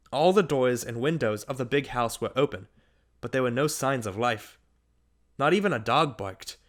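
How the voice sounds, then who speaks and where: A man reading a literary short story aloud as an audiobook narrator, in a measured, unhurried manner. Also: medium pitch, fairly bright tone.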